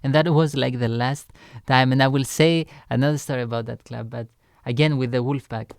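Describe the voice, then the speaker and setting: A man's voice: mid-range voice, steady tone, a little fast, creaky, no room sound, clean studio sound. A young man telling a rambling, casual story as he reacts to his own song, loose and full of fillers and swearing.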